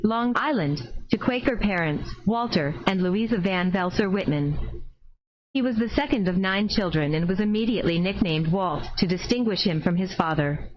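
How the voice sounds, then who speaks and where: A woman's voice: mid-range voice, slight background noise. Woman reading an encyclopedia entry aloud. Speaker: reader. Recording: slightly dull lo-fi recording.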